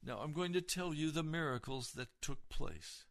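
A man's voice: fairly high pitch, normal speed, a bit bright. A male pastor giving an earnest, emotional testimony on a broadcast sermon.

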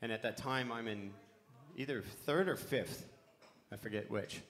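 A man's voice: mid-range voice, normal speed, fairly bright tone. A middle-aged man spins a long story for a live panel. He rambles, loses his thread and swears casually along the way.

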